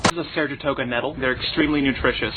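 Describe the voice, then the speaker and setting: A man's voice: medium pitch, fairly even intonation, very fast, loud music behind the voice, lightly acted. An actor playing an earnest, oddball male park ranger who rambles and keeps correcting himself. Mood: deadpan. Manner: stiff, rambling and self-correcting. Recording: noisy lo-fi clip.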